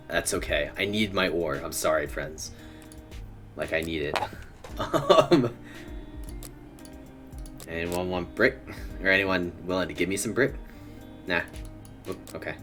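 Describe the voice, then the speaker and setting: Young man, deep voice, casual game-stream commentary, mutters and chuckles, faint music behind. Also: unhurried, long pauses. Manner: mutters to himself, chuckles often. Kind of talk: casual live gameplay commentary.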